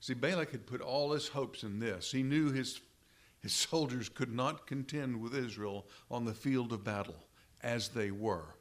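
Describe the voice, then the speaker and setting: A man preaching a sermon, slow and deliberate, repeating phrases for emphasis and addressing the congregation as brethren. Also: medium pitch. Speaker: pastor.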